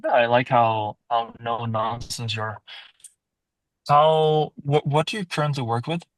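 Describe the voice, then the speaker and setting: Calm male salesman who probes and sums up what he hears, dry close mic. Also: mid-range voice, a little slow, dry recording, rough recording. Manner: calm, questioning, restates answers. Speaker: salesperson in roleplay. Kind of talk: sales call roleplay.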